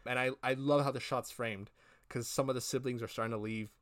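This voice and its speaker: A man's voice: mid-range voice, fairly even intonation, brisk, a bit bright, no echo. Rambling male podcast co-host, dry sound. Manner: rambling, retells scenes acting out characters' lines, swears casually. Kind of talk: casual review chat.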